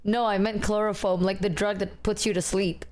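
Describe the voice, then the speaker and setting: A woman's voice: mid-range voice, level tone, normal speed, a little mellow. A woman streamer rambling casually with a friend, giggling and swearing often.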